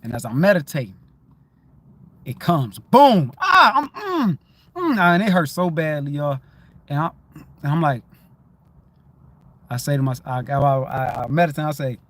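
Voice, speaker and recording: A man talking casually on a livestream, telling a story in a lively way, repeating himself and swearing freely. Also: fairly high pitch, moderate pace, pauses often. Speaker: livestream host. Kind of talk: casual spiritual livestream talk.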